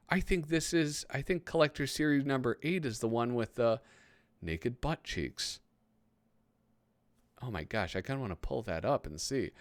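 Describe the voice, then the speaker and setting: A man's voice: on the low side, no echo, clean studio sound. A man in his thirties hosting a casual, rambling commentary while flipping through a magazine. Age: 30s. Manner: chatty, rambling, easily excited. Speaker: host.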